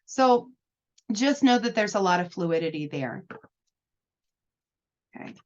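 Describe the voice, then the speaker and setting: An American woman coaches new insurance agents in a chatty, upbeat, encouraging way. Her mid-range voice is animated but slow-paced, and the casual advice comes through slightly dull lo-fi audio.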